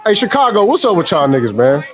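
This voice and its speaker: High-voiced man ranting mockingly. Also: big pitch swings, fast. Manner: incredulous, mocking, rants in repeated phrases. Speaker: host reacting to a protest clip. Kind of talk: casual profane commentary.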